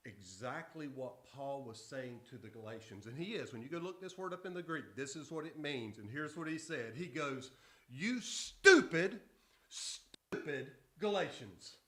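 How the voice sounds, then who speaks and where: Bright-voiced pastor in an echoey church. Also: male voice, medium pitch. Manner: folksy, conversational storytelling with self-interruptions. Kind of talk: casual Bible teaching to adults. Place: church hall.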